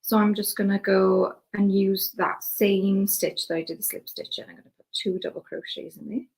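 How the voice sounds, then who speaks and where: A young Welsh woman teaching crochet step by step, chatty and relaxed as she works with her hands. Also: mid-range voice, normal speed, vocal fry, rough recording. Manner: relaxed, chatty, talks while working with hands. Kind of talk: step-by-step craft demonstration.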